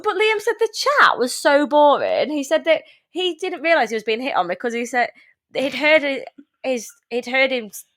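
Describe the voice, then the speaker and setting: A woman's voice: high voice, moderate pace. A woman, co-hosting a casual chat podcast and telling stories with lots of laughter. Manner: animated storytelling, frequent laughter, acts out quotes. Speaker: podcast co-host.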